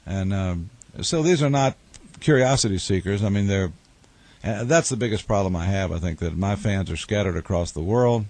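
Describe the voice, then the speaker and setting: A man's voice: low-pitched, animated, moderate pace, darkish tone, dry recording. A man, a musician and author telling wry, rambling stories in a radio studio interview. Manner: rambling, wry storytelling with restarts.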